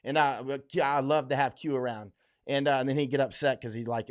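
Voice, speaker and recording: A middle-aged man from Florida, USA, speaks fairly quickly in a mid-range voice. Hosting a casual livestream, he rambles with lots of fillers and restarts, reading viewer comments bluntly and emphatically and laughing often.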